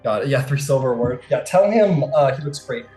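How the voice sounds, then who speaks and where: A man's voice: mid-range voice, expressive, brisk, mellow, echoey room, faint music behind. Loose, rambling man running a tabletop game. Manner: loose, hesitant, many fillers. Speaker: game master.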